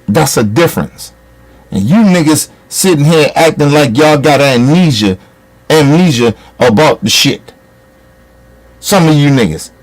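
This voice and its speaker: A man with a fairly high voice holds forth in a fiery political monologue. He curses freely and scolds his audience with heated, blunt delivery. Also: animated, unhurried. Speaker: commentator.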